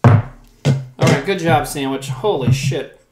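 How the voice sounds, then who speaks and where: A man's voice: on the high side, a little slow, loud music behind the voice. A man chatting casually on a live stream while he cooks in his kitchen, jokey and rambling, often mumbling and repeating words. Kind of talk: casual chat. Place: home kitchen. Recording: echoey room with background noise.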